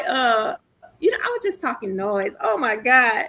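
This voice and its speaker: A woman in her forties hosting a podcast, telling stories in an animated way and laughing often. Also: on the high side, a little slow. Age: 40s. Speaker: podcast host. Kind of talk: casual interview chat.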